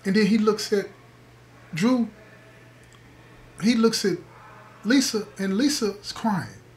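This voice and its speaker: A man's voice: high-pitched, slow pace, a little mellow, slight background noise. A man telling a story to listeners, emphatic, repeating key words and calling them "y'all". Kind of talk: spoken storytelling to an audience.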